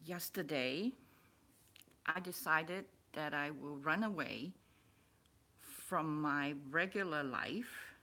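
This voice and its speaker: Slow-talking, emotional woman vlogger. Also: deep voice. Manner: rambling, restarts and repeats words, excitable. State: emotional, stirred up. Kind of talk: personal vlog, emotional monologue.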